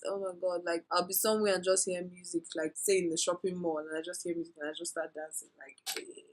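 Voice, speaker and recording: A woman's voice: on the low side, little pitch movement, fast, a little hiss or hum, poor audio. A woman talking viewers through a makeup tutorial in a chatty, playful way, giving tips and drifting into asides. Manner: instructive, addresses viewers directly. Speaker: beauty vlogger.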